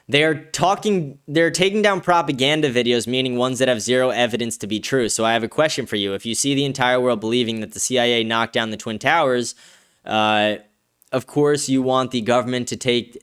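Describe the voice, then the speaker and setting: In a casual livestream, a man reads out viewer comments, ranting in a profane, combative way that turns excited whenever something pleases him. His voice is mid-range with a clean tone.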